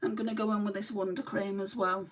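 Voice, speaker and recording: A woman's voice: mid-range voice, level tone, quick pace. Lancashire lady chatting thru a makeup livestream, bit far off the mic. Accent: Lancashire English. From Lancashire, England. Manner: chatty, reads out and answers viewer comments. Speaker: beauty livestream host. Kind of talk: casual livestream chat reading comments.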